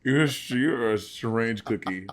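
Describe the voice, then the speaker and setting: A man's voice: medium pitch, unhurried, heavy background noise. A man co-hosting a podcast in casual chat, rambling and musing with many fillers over a video call. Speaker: podcast co-host. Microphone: podcast mic on video call.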